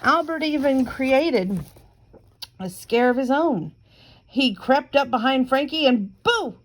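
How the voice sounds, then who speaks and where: Woman, storybook read-aloud, very slow and deliberate, higher-pitched, chatty asides. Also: expressive. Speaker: reader. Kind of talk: reading a picture book aloud.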